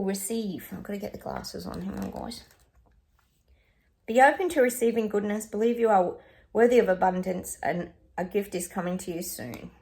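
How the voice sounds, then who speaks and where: A woman's voice: on the high side, a little mellow. A woman psychic chatting casually to her viewers while pulling oracle cards, talking in an exclamatory way and often addressing them directly. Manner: chatty, exclamatory, talks straight to viewers as "guys". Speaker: psychic doing oracle card readings. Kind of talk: casual chat to viewers with card pulls.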